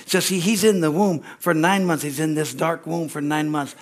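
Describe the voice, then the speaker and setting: Higher-voiced male pastor preaching. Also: fairly even intonation, moderate pace. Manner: reads scripture with rising emphasis, then chats loosely with asides. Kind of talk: sermon. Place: church service.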